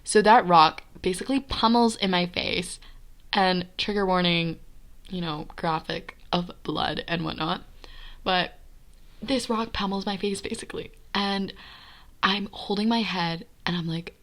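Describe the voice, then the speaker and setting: A young woman recounting a story on a podcast, her voice sitting a little low for a woman. She talks casually and animatedly, leaning on fillers like "like" and "right?" as she goes. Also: unhurried, a bit bright. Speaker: podcast guest telling a personal story.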